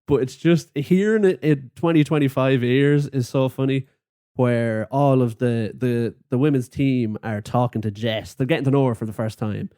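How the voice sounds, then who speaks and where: A man's voice: medium pitch, moderate pace, dark tone, no room sound, studio quality. A young Irish man co-hosting a podcast, retelling film scenes in casual chat with lots of laughing. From Ireland. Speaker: podcast co-host.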